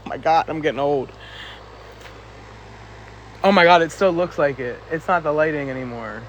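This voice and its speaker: High-voiced man chatting on a live stream. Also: normal speed, slight background noise, poor audio. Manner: chatty, laughing, teasing viewers back. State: winded. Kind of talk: casual live-stream chat reading comments.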